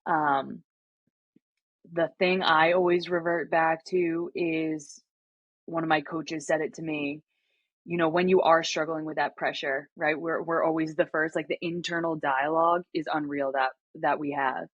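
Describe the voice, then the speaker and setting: A woman's voice: low-pitched, little pitch movement, a little slow, slightly rough, no room sound. A young woman speaking as a podcast guest, talking earnestly and candidly, acting out past conversations with lots of fillers. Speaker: podcast guest, former college basketball player. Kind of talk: candid interview talk. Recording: dull lo-fi sound.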